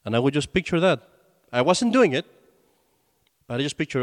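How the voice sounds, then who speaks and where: A man's voice: a little high, sing-song, a little fast, pauses often. A man, a priest, giving a conversational sermon and telling stories with acted quotes. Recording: long hall reverb.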